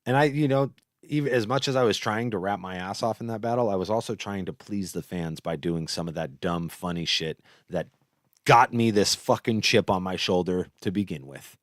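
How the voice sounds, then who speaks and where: In a dry recording, a host whose voice sits low speaks at a normal speed, telling stories through a casual, rambling monologue that is animated and full of profanity.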